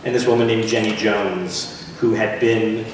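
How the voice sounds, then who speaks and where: A man being interviewed as an actor, chatting casually and telling animated stories with frequent laughs and restarts. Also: lowish voice, measured pace, a little hiss or hum. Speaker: actor and guest. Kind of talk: casual chat. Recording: echoey room, distant mic.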